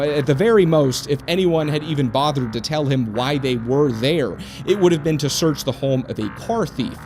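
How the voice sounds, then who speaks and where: A man tells a true crime story in a casual, indignant way, peppering it with swearing and sarcastic asides. His voice sits slightly high and moves expressively up and down. Soft music runs quietly underneath.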